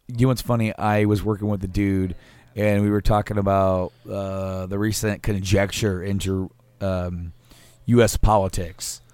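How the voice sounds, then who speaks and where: A man's voice: on the low side, little pitch movement, normal speed, a little mellow, smooth, dry recording. A man co-hosting a casual podcast chat, rambling with restarts, laughing often and swearing casually. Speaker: podcast co-host.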